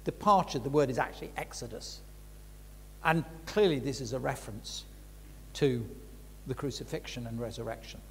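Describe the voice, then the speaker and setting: A man's voice: medium pitch, normal speed, darkish tone, a little hiss or hum. An older man giving a reflective Bible teaching talk as a preacher, frank and conversational, with emphatic stresses. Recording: long reverb of a large hall.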